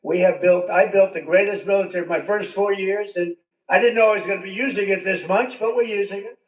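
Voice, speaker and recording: Rally speaker, older man, highish voice, roomy far-off mic sound. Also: steady tone, brisk. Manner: rambling, repetitive, with conversational asides. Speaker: politician giving a speech. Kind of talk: rally speech. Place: large venue with a crowd.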